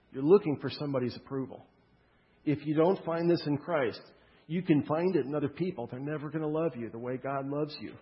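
A man preaching a sermon, in a loose, conversational way with humorous storytelling. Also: on the high side. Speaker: pastor. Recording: muffled with long hall reverb.

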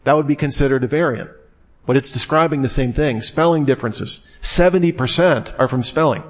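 A man's voice: medium pitch, a little fast. A middle-aged man giving a classroom lecture in a conversational way, with wry asides. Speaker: teacher.

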